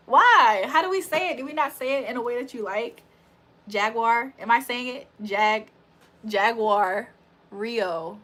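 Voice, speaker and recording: A woman's voice: a little high, fairly bright tone. A young woman hosting a live stream in casual chat, laughing often and talking to her viewers as y'all. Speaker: livestream host.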